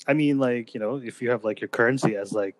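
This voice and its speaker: A man co-hosting a casual podcast chat, relaxed and easygoing, laughing often. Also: medium pitch, quick pace, no echo. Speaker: podcast co-host.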